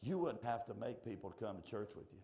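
A pastor preaching a sermon in a church, swinging from shouted lines to hushed, close asides. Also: male voice, lowish voice, lively intonation, fairly quick, gravelly. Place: church sanctuary.

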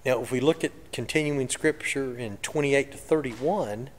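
A man's voice: medium pitch, moderate pace. Reflective man preaching in a reverberant church. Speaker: pastor. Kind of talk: sermon. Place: church sanctuary.

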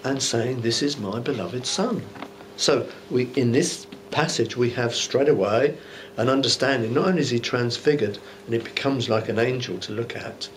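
Bishop preaching in church: man, mid-pitched, chatty musing sermon, soft hiss underneath. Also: normal speed, hardly any pauses. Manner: conversational and musing, with rhetorical asides. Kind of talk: informal Bible teaching sermon.

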